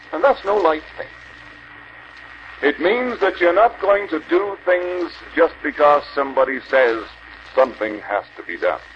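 Older male preacher, fervent exhortation, lively pitch, muffled archival tape. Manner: earnest exhorting, rhetorical questions. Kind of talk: convention sermon. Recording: dull archival recording with faint hiss.

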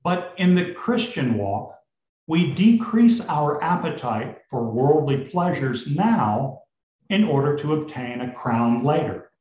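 A man preaches slowly and tells a story, his voice rising and falling a great deal. He sits fairly high in pitch for a man. The sound is roomy and a little dull, as if recorded in a large space. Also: darkish tone. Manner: storytelling, addresses the congregation. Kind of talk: sermon with told fable.

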